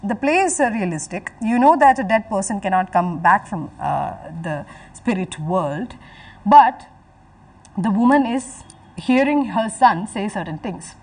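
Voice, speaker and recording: A woman giving a literature lecture, explaining slowly and repeating her phrases, and acting out lines from the text. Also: mid-range voice, sing-song, darkish tone, far from the mic, low-quality recording. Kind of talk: recorded lecture.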